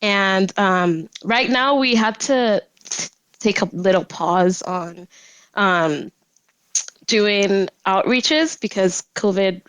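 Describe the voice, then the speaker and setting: Giggly bashful woman on a podcast, dry close mic, mid pitch. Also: takes it slowly, fairly bright tone, smooth, no room sound, low-quality recording. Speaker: podcast guest, nonprofit volunteer. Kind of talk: casual podcast chat.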